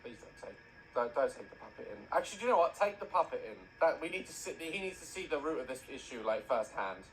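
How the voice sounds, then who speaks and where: A man's voice: on the high side, sing-song, fast talker, low-quality recording. A man hosting a reaction video, mocking what he watches with jokey, sarcastic commentary. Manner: mocking, jokey, laughs at his own dark jokes.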